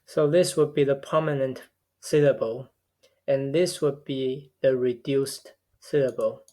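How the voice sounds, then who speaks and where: A man giving a recorded linguistics lecture, explaining step by step in a measured way and often repeating words as he goes. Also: medium pitch, steady tone, warm tone. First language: a tonal language.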